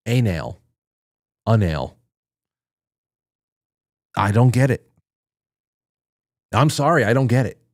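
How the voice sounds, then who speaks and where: A man with a mid-range, darkish voice reads chat messages aloud as host of a casual livestream, rambling with fillers and restarts. The recording is dry and studio quality.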